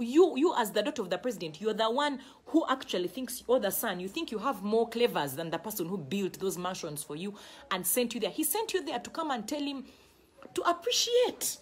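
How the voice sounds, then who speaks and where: A middle-aged Ugandan woman preaching a sermon with fervour, her voice husky and breathy. She sits a little high and swings up and down in lively, emphatic waves, often hammering a phrase twice.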